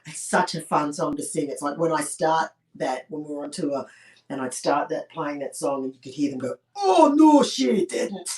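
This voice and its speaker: A woman's voice: low voice, little pitch movement, normal speed, far from the mic. Cheeky off-mic woman in an echoey room. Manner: cheeky, crude and rambling, chatting to viewers. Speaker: comedy singer hosting a livestream. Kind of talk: chatty livestream banter. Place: home during lockdown.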